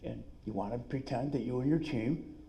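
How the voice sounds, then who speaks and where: A middle-aged man with a New York accent gives an energetic, salesy seminar talk at a conference, full of quick asides. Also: mid-range voice, vocal fry. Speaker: dentist and business speaker. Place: conference room.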